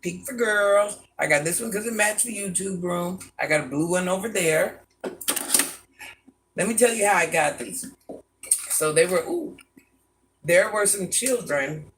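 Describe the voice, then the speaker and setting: Blunt, gravelly older woman vlogger. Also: unhurried, long pauses, fairly bright tone, a little hiss or hum. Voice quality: deep, gravelly voice. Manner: blunt, chatty, calls viewers baby and hon. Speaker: vlogger reading live chat. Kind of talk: casual live-stream chat. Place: home room at a house.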